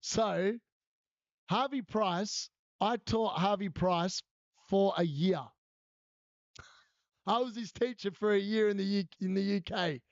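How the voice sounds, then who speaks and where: A man's voice: high voice, slow, long pauses, dry recording. A man, hosting a fantasy football live stream, telling a story in casual chat and laughing often while he answers viewers. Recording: dull lo-fi stream audio.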